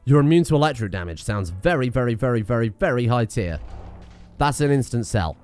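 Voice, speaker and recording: A man's voice: medium pitch, lively intonation, fairly quick, a little mellow, clean tone, soft background music. A man giving casual let's-play commentary, rambling, self-mocking and swearing freely as he plays. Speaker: gaming streamer.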